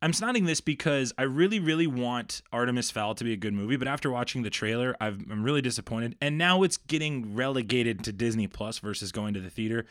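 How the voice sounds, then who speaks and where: A man co-hosting a casual podcast, ranting with animated frustration about news and movies. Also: medium pitch, a little fast, few pauses, dry recording, clean studio sound. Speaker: podcast co-host. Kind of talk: casual chat.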